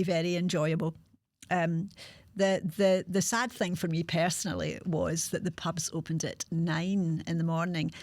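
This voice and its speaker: A woman in her sixties with a Glasgow accent, hosting a podcast and telling her own life story frankly, with halting restarts. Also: fairly low pitch, no echo, studio quality. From Scotland. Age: 60s. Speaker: podcast host. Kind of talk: candid personal storytelling.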